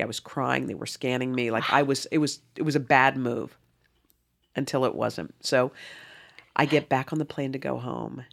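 A woman in her fifties with a gravelly, creaky edge to her voice. She tells a personal story to an interviewer with earnest, animated candor, bringing the people in it to life. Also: very deep voice. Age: 50s. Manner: earnest, animated, acts out dialogue. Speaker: interview guest.

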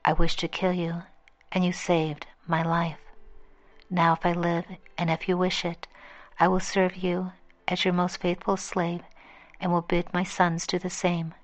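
A woman's voice: lowish voice, monotone, unhurried, natural voice. A woman reading the lines of a wounded bearded man who begs forgiveness in a weak voice. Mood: pleading. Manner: weak, pleading. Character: wounded bearded man, repentant former enemy.

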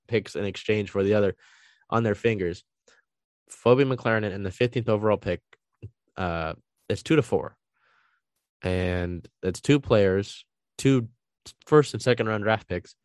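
A man's voice: lowish voice, no echo. A man giving a casual solo recap of soccer trades, talking through his thoughts with frequent ums and uhs. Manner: conversational, frequent ums and uhs, thinking aloud.

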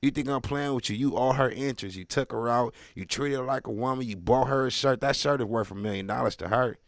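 Loud animated man doing stand-up. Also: medium pitch, fast talker, vocal fry, no echo, clean studio sound. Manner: loud, animated, slangy street talk with crowd asides. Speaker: stand-up comedian. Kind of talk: stand-up comedy set.

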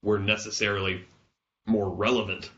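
A man with a very low but bright, forceful voice talks casually on a podcast. He works through his thoughts with fillers and restarts. The sound is a little dull and lo-fi. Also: flat delivery, normal speed. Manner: conversational, reads a quote aloud with fillers. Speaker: podcast co-host. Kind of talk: casual chat.

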